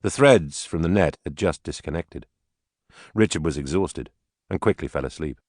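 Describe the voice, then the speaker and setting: Deep-voiced male audiobook narrator. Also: animated, normal speed, darkish tone, no room sound, studio quality.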